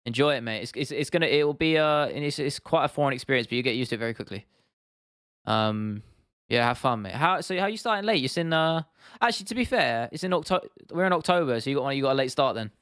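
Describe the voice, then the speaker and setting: A man's voice: medium pitch, expressive, quick pace, fairly bright tone, clear, resonant tone, dry recording, clean studio sound. A young British man in his twenties, live-streaming casually, rambling, swearing now and then and answering chat comments. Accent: British English. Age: 20s. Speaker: YouTube streamer.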